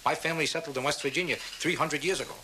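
A man doing a stand-up routine, with deadpan, mock-serious bragging to a laughing audience. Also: a little high, fast talker, slight background noise, rough recording. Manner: deadpan boastful delivery with mock-serious asides. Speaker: stand-up comedian.

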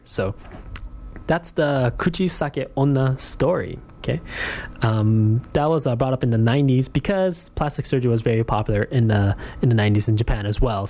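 A man's voice: mid-range voice, mellow. A male radio host talking casually and meandering as he tells urban legends in a radio studio. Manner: laid-back, meandering storytelling.

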